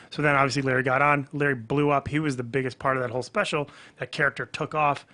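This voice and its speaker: A comedian guest on a podcast, chatting casually and telling a story with lively acted-out dialogue. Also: male voice, mid-range voice, fast, few pauses. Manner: animated storyteller, acts out quoted dialogue.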